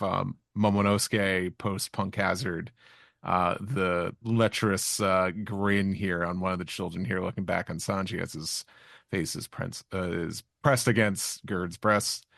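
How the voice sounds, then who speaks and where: A man co-hosting a podcast, recapping a comic chapter in halting casual chat full of fillers. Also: sits low, creaky, a bit bright, dry recording, clean studio sound. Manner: halting, with many fillers and restarts. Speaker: podcast co-host.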